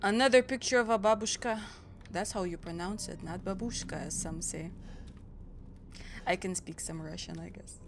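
A woman's voice: fairly low pitch, normal speed, creaky, slight background noise. A woman from Europe hosting a gaming channel, reacting aloud and chatting through a let's play. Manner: chatty, reacting aloud, frequent small laughs.

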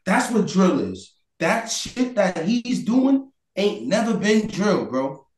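Loud, high-voiced New man arguing. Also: takes it slowly, hardly any pauses, distant mic. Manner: loud, animated, profane, argumentative, often shouting. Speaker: interview guest. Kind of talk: heated casual debate. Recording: echoey room.

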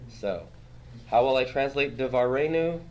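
Teaching grammar to a class, a man with an expressive mid-range voice goes at an unhurried pace. He patiently takes students through rules on a board, quizzing them and punctuating points with "right?".

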